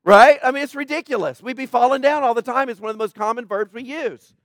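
A man's voice: very high-pitched, fast talker, fairly bright tone, no echo, clean studio sound. A male pastor preaching a sermon, emphatic and full of rhetorical questions to the congregation.

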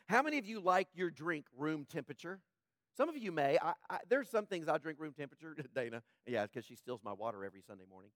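A man preaching a sermon as pastor, his voice slightly rough, talking conversationally and joking with the congregation. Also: on the high side, animated, brisk, a bit bright, no room sound, studio quality.

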